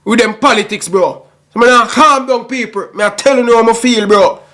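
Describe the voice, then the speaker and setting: A man's voice: extremely high pitch, fairly quick, bright, forceful tone. A young man with a Jamaican Patois accent, ranting passionately and emotionally to his online audience, repeating himself and calling everyone bro. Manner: passionate, repetitive, frequent "bro" and "brother". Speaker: YouTube football commentator. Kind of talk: emotional rant to camera.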